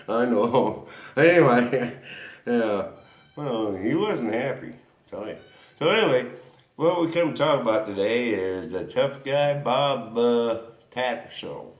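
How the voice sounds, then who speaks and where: A man's voice: mid-range voice, lively intonation, slow, roomy sound. A man hosting a racing history show, rambling through a folksy story with lots of chuckles and asides.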